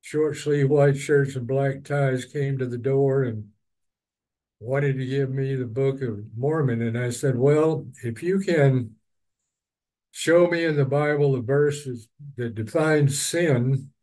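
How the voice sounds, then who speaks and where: A man's voice: medium pitch, fairly even intonation, slow, a little mellow, rough recording. A man teaching a Bible study, reading verses and then explaining them at length with personal asides. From East Texas.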